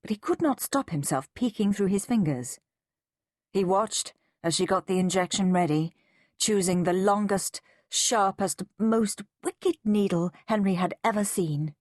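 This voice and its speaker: A woman narrating a children's storybook in an expressive, drawn-out storytelling manner. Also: medium pitch, no echo, clean studio sound. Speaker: audiobook narrator.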